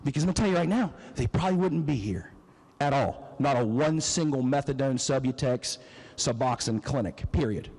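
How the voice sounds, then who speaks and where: A man's voice: mid-range voice, expressive, moderate pace, darkish tone, slightly rough. A middle-aged man, giving an emotional, emphatic floor speech as a state legislator and telling a personal story. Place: legislative chamber. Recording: long reverb of a legislative chamber.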